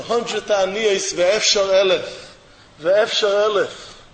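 High-voiced preacher in an echoey hall. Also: male voice, moderate pace, a little hiss or hum. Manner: emphatic, repeats rhetorical questions, sometimes shouts. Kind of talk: sermon. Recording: echoey hall with faint ambience.

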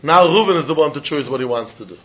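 Animated Talmud teacher with lilt. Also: male voice, a little high, fast, dull audio. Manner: sing-song study-hall explaining, acting out both sides of a deal. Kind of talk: animated Talmud class lecture.

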